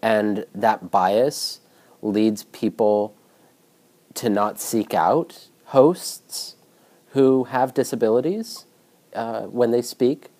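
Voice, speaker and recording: A speaker giving a measured, carefully phrased comment in an interview. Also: medium pitch, warm tone.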